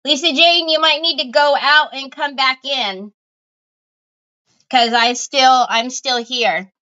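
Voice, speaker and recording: A woman chats with viewers on a home craft livestream, her voice high and bright as she greets each one by name and giggles often. She speaks slowly and smoothly. The phone audio sounds a little dull and lo-fi. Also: fairly even intonation.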